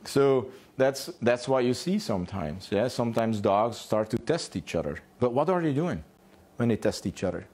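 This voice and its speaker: Male dog trainer, mid-pitched, blunt and animated, swears freely, keeps asking "yeah?". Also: moderate pace, breathy edge. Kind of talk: informal teaching talk.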